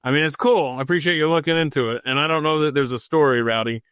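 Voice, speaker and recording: A man's voice: on the high side, fast, fairly bright tone, clean tone, dry recording, clean studio sound. A man hosting a podcast, chatting casually, rambling and self-deprecating as he reads live comments. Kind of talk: casual rambling livestream chat.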